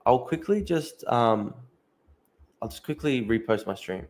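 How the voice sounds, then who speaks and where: A young man chats loosely on a livestream. He swears freely and laughs his way through posts he scrolls past, in a voice of ordinary pitch. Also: expressive, unhurried, a little mellow, a little hiss or hum. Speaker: livestream host. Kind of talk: casual livestream chat reading comments.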